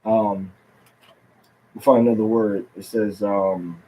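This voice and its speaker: A man giving an informal religious lesson on Hebrew pronunciation, pausing often with fillers and repeating words as he thinks. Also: lowish voice, fairly even intonation, dark tone, poor audio. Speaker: religious teacher.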